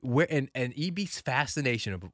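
Co-hosting a casual talk show, a man bantering in an animated mid-range voice jokes around, laughs a lot, and often restarts his sentences. He talks at a normal speed with a fairly bright tone, and the studio-quality audio has no room sound.

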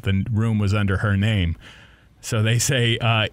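Speaking at a moderate pace in a fairly low voice, with no room sound, a young man who works as a radio host recounts a story on a laid-back podcast. He acts out the characters in different voices and laughs a lot.

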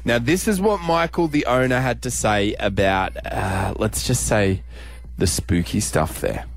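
A man's voice: lowish voice, unhurried, vocal fry. A man co-hosting a radio show, talking in a wry, skeptical way. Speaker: radio co-host.

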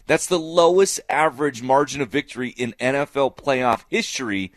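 A sports talk show co-host speaks in a mid-range voice at normal speed, recorded in studio quality with no echo. He's emphatic, making his points by repeating phrases for effect.

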